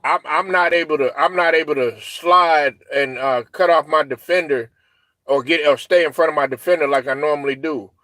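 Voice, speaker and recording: Animated, profane man in sports talk. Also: a little high, normal speed, no room sound. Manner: animated, profane, full of fillers and restarts; acts out other people's lines. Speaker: sports show co-host.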